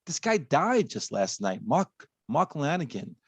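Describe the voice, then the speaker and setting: A man in his fifties co-hosts a music reaction chat with a lively, swinging voice. He teases his partner and laughs easily. The sound is close and dry. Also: a little high, measured pace, husky, no room sound. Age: 50s. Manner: lively, teasing, laughs often. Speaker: co-host of a music reaction show. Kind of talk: casual chat.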